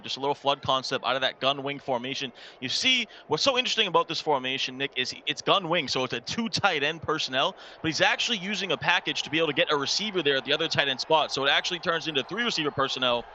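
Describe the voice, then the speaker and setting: Give me a male esports analyst with a bright, fast delivery, breaking down plays for the viewers. The recording is a little dull. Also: mid-range voice, expressive, slight background noise. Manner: explanatory, coaching asides to viewers. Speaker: esports color commentator. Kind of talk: game analysis commentary.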